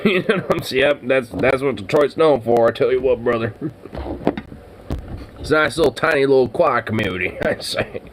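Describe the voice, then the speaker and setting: A male streamer chats casually with viewers, his pitch swinging widely as he laughs and jokes. He swears freely and makes dry, sarcastic remarks. A faint noise sits under his voice. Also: expressive, normal speed. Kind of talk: casual live-stream chat.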